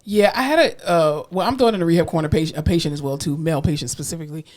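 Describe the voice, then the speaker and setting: A woman co-hosting a podcast, telling patient stories in casual chat, acting out the voices in her quotes and laughing often, candid and profane. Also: racing. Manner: animated, acts out quotes with big pitch jumps, laughs often. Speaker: podcast co-host, rehab therapist.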